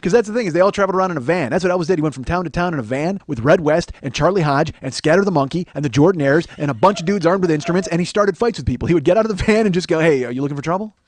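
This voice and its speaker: Male comedian host, rapid rambling profane riffing, slightly high voice, dry close sound. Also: no echo. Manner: profane, rambling, breaks into laughter. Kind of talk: comic monologue.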